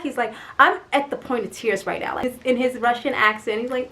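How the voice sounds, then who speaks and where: A young woman vlogger telling a story in casual chat, animated and exasperated, with lots of "like" and mild swearing. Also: on the high side, normal speed, hardly any pauses.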